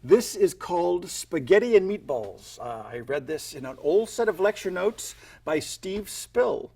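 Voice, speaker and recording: A man teaching sleight-of-hand tricks in a relaxed, chatty way. His voice sits a little high, with a gravelly, husky texture. He drops in playful little sound effects as he shows each move. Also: a little slow. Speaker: magic instructor. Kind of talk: instructional magic tutorial.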